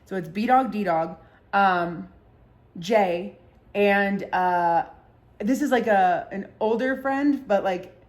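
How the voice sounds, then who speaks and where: A woman's voice: mid-range voice, slow. A young woman hosting a casual storytime vlog, rambling with lots of "like" and heavy swearing. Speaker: podcast vlogger.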